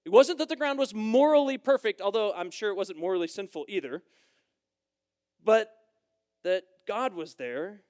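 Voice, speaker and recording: A young man preaching a sermon at a church camp, emphatic and repetitive, swinging between loud declarations and quieter explanation. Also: sits high, lively intonation, moderate pace, long pauses. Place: church camp meeting room.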